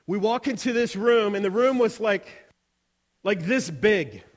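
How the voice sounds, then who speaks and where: A man telling a mission story in a sermon, animated and acting out the voices of the people he quotes. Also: high-pitched, measured pace. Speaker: missions speaker. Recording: long reverb of a large hall.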